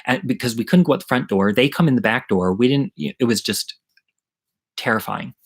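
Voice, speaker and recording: A man's voice: mid-range voice, fast talker, slightly rough, rough recording. A middle-aged man telling a story from his childhood in a chatty, rambling way, swearing freely, as the host of an online story hour. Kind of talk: casual live-streamed storytelling.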